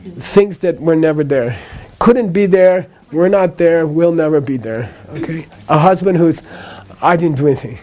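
Male Buddhist teacher, mellow tone, slightly high pitch, patient and repetitive, keeps checking "okay?". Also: a little slow. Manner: repetitive, checks in with "okay?" after each point; patient explaining with a light laugh. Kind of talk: live lecture to a class.

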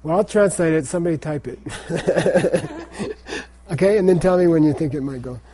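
A man's voice: on the high side, moderate pace, warm tone, breathy edge. A man teaching a language class, drilling pronunciation by saying words and having students repeat them.

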